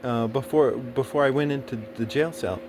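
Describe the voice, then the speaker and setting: A man's voice: medium pitch, moderate pace, a little mellow, faint music behind. A man telling a personal story in a rambling monologue, swearing often and stumbling through fillers and restarts. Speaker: storyteller recounting a personal experience. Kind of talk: casual monologue.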